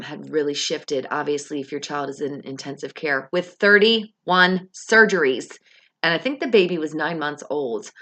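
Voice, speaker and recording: A young adult woman telling a lively, casual story about her faith, acting out her own words and other people's as she goes. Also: low voice. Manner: animated, rising excitement, quoting herself and others. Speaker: vlogger sharing a faith testimony.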